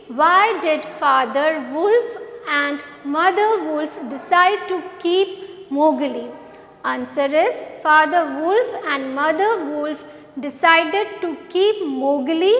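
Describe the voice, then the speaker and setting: A woman's voice: very high voice, a bit bright. A woman teacher revising a lesson with young children, spelling words letter by letter and asking simple questions. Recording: echoey room with long reverb.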